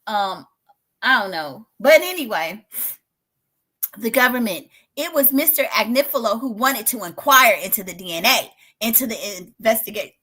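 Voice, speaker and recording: A middle-aged woman hosting a home livestream, commenting dramatically with loud exclamations and laughter, then dropping to a hush. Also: a little high, expressive, moderate pace, breathy edge. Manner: dramatic, exclaims and laughs loudly, swings from shouting to hushed. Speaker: livestream host covering a trial. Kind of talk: excitable live commentary. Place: home studio in a spare bedroom.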